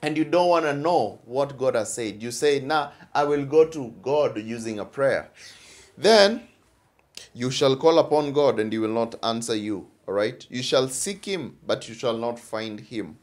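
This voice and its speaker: A man's voice: mid-range voice, expressive, moderate pace. A man with a Kenyan English accent preaching a sermon, emphatic, repeating phrases and often asking "all right?".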